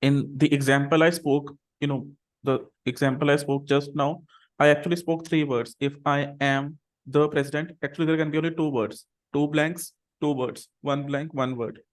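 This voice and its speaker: A man teaching an English class over a video call, patiently saying words slowly and repeating them for students to copy. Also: a little high, steady tone.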